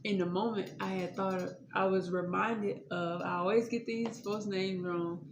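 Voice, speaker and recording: A woman's voice: mid-range voice, fairly even intonation, a little slow. Woman guest, chatty laughing storyteller, echoey noisy room. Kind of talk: casual faith testimony. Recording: echoey room, audible noise.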